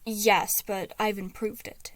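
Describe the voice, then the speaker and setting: Woman doing a formal, logical young man, unhurried, precise wording. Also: medium pitch, little pitch movement, no echo, close to an everyday voice. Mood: matter-of-fact.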